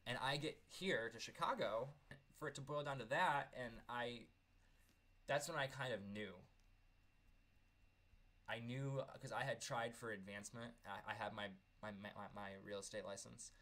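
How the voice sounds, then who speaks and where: A man's voice: medium pitch, normal speed, sharp tone. A man in his thirties telling a personal story in a vlog, earnest and candid, often stumbling over repeated words. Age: 30s. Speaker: vlogger.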